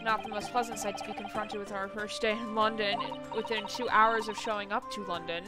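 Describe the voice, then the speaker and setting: A woman's voice: medium pitch, fairly even intonation, brisk. A woman live-streaming a game, chatting casually in a playful, giggly way. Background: game music.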